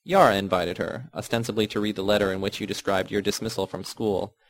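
Low-voiced man reading a novel. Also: steady tone, a little fast. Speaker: audiobook reader. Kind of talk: first-person novel narration.

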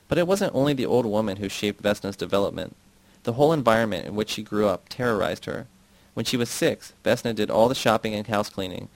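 Man, audiobook narration, low voice, gravelly texture, dry close sound. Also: dry recording, poor audio. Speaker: audiobook reader. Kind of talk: scripted narration.

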